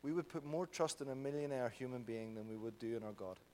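A man's voice: mid-range voice, quick pace, slight background noise. Irish man preaching in a reverberant hall. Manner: impassioned, builds to loud peaks then drops soft. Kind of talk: sermon. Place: church hall.

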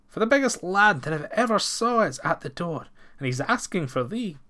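Timid flustered young serving maid, storybook, high voice, read by a man. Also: sing-song, normal speed, pushed and bright, exaggerated voice. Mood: alarmed.

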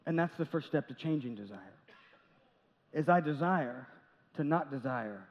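A pastor with a slightly high, animated voice delivers his sermon at a normal pace, keeping it conversational with jokes and small acted-out quotes. He's in a large church sanctuary, and the audio is dull with a long churchy reverb.

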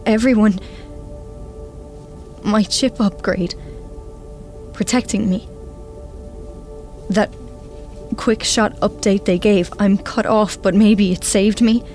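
A woman as a hushed, guilt-stricken young woman. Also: medium pitch. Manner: hushed, often whispering, slow and fragmented. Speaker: writer-performer and narrator. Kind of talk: radio drama acting and narration.

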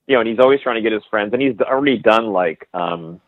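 A man's voice: on the low side, quick pace, no echo. A man being interviewed as a guest photographer, talking in long rambling stories full of restarts and fillers. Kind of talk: casual interview chat. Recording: slightly dull, dry podcast audio.

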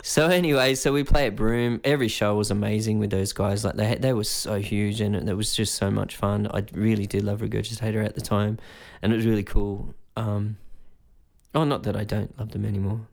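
A man's voice: lowish voice, level tone, a little fast, vocal fry, a little mellow. An Australian man in his forties, a musician, telling a loose, rambling story with plenty of swearing and acted-out voices. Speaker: musician guest. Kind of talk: casual storytelling in conversation.

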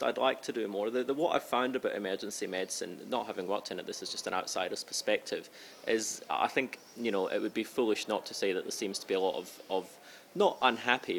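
Bright low-voiced man with light Scottish accent. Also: vocal fry, slight background noise. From Scotland. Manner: thoughtful, measured, hedging. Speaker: intensive care doctor. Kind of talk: conversational interview.

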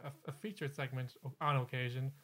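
A man's voice: medium pitch, steady tone, fairly quick, pushed and bright. Rambling male podcast co-host. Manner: rambling, with many fillers and restarts. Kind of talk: casual podcast chat.

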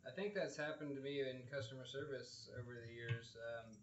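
A man's voice: mid-range voice, fairly even intonation, fairly quick. A man joking playfully on an improvised comedy podcast in a diner. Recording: roomy, dull recording in a diner.

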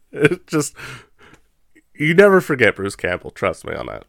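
A man co-hosting a podcast, chatting casually about a film in an animated way with frequent laughs. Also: lowish voice, gravelly, dry recording, clean studio sound. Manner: animated, laughs often, quick asides. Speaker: podcast co-host. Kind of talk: casual movie review chat.

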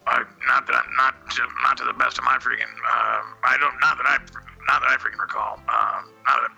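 A male podcast co-host with a heavily gravelly, raspy voice. He talks fast and tense, stumbling through repeated restarts. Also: medium pitch, expressive, bright, forceful tone, low-quality recording. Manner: stammering, tangled restarts. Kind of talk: comedy podcast banter.

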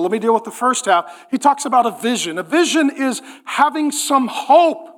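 High-voiced pastor in his forties. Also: normal speed, few pauses. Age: 40s. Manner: animated, joking, acts out voices in quotes. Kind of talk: sermon. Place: church.

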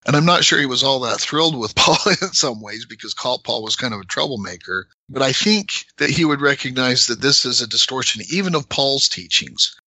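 A middle-aged man explaining scripture in a measured, conversational way, sometimes emphatic. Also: mid-range voice, lively intonation, sharp tone, no room sound, low-quality recording.

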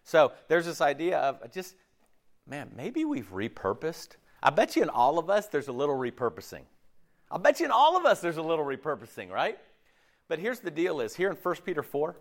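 A man preaching a sermon in an animated, conversational way, acting out quick asides. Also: fairly high pitch. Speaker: pastor.

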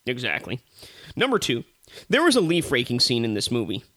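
A man co-hosting a casual movie review chat, ranting with animated, profane exasperation. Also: medium pitch, brisk, a crowd in the background.

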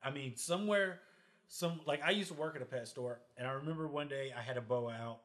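A man's voice: mid-range voice, brisk, fairly bright tone. A man in casual podcast chat, telling blunt, profane stories about snakes and people.

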